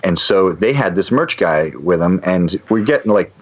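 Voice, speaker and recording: A man, a guest musician, telling a story on a casual podcast in an animated, rambling way with many restarts. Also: sits low, normal speed. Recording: dull lo-fi sound.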